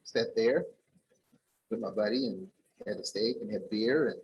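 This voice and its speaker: A man's voice: lowish voice, unhurried, muffled recording, a little hiss or hum. A man at a conference telling an audience a personal story, acting out the dialogue in a raised voice. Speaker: conference speaker. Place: conference ballroom.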